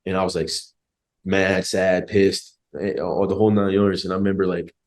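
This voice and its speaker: A man's voice: low-pitched, little pitch movement, moderate pace. A young man in his twenties, a podcast guest, telling a personal story in a laid-back, joking way, full of slang and casual swearing. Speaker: podcast guest, former college football player.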